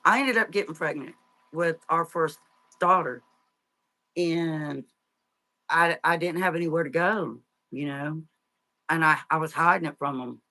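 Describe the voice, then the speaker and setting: A middle-aged woman, an interview guest, telling her life story in a halting, tearful way with many fillers and restarts. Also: deep voice, bright, forceful tone. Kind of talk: emotional personal storytelling.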